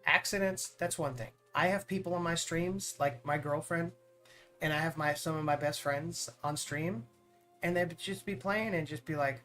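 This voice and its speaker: A man's voice: a little high, steady tone, moderate pace, bright, forceful tone, soft background music. Earnest rambling male streamer. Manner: rambling, earnest, repeats words when starting a thought. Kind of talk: casual chat on a live stream.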